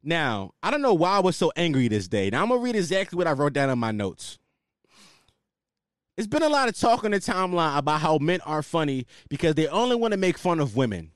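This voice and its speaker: A man's voice: fairly high pitch, big pitch swings, brisk, no room sound, studio quality. A man hosting his own podcast, ranting in a loose, slangy, casual way. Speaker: podcast host. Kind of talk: casual solo podcast rant.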